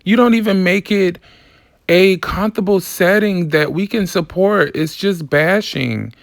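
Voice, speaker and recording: A woman's voice: fairly low pitch, measured pace, gravelly, no echo, studio quality. A woman vlogger delivering a casual commentary rant, sassy, blunt and profane.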